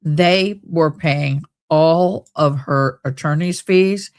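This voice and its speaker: A woman hosting a live stream, reading letters aloud and giving casual commentary in a loose, chatty way with drawn-out exclamations. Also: low voice, darkish tone.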